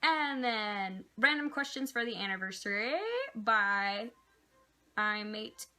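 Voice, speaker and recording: Bright-voiced young woman chatting casually. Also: medium pitch, takes it slowly. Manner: chatty, rambling, with many "like" and "um" fillers. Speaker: vlogger answering viewer questions. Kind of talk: casual chat.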